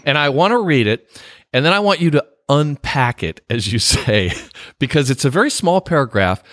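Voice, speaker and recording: A man hosting a podcast interview, animated and laughing often. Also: medium pitch, normal speed, dry recording, clean studio sound. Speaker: podcast host.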